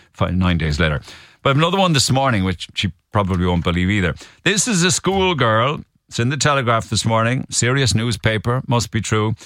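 Lively chatty Cork man. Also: fairly low pitch, dry recording, studio quality. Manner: chatty, storytelling, jokey asides to co-host. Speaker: radio host. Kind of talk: casual radio chat.

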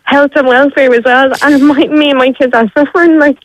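A woman's voice: high voice, fairly even intonation, brisk, no room sound, lo-fi sound. A young Irish woman calling in by phone to a radio show, speaking earnestly and pleadingly with many restarts. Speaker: caller.

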